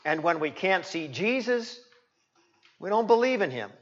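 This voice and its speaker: A male pastor preaching a sermon in a church, emphatic, repeating key words and swinging from loud to hushed. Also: high voice, sing-song, normal speed. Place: church sanctuary. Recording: reverberant, dull lo-fi church recording.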